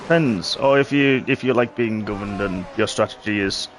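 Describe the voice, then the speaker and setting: A man's voice: on the low side, moderate pace, a little hiss or hum. A man hosting a racing league stream, announcing drivers for each team with teasing jokes. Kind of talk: live-stream banter.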